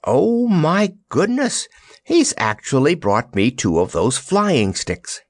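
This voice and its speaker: A man's voice: fairly high pitch, huge pitch swings, takes it slowly, no room sound, clean studio sound, voice pushed up, heavily acted. A man voicing a spirited, teasing young queen in a storybook reading. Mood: lively teasing.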